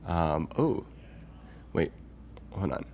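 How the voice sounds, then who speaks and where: Extremely slow yet very animated, a man with a low, slightly mellow voice chats casually with viewers on a live stream. He rambles with many fillers, thinks aloud, reads out chat messages and greets newcomers, with slight background noise.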